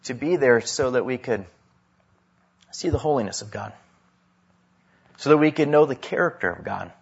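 A man preaching a sermon, swinging between loud emphasis and hushed drops. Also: mid-range voice, lively intonation, moderate pace, vocal fry, husky, lo-fi sound. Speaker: pastor.

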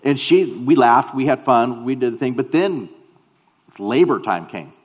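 A man's voice: mid-range voice, lively intonation, measured pace, slightly rough, long reverb tail. A male pastor giving a sermon, telling a personal story in a humorous, conversational way.

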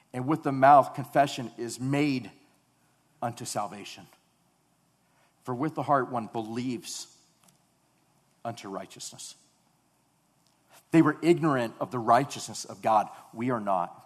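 Fervent emphatic preacher man. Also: medium pitch. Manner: emphatic and repetitive, building to loud fervent passages; reads scripture aloud then expounds on it. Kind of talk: sermon.

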